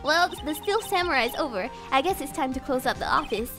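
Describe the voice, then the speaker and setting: A woman's voice: high-pitched, expressive, fairly quick, music in the background. A woman voicing a young male rookie lawyer in a dry, exasperated way.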